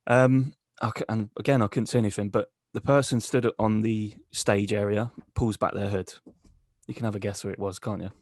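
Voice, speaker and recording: A man's voice: on the low side, fairly even intonation, moderate pace, darkish tone, dry recording. Dry-voiced man spinning a crude tall tale. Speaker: podcast co-host. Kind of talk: comic storytelling.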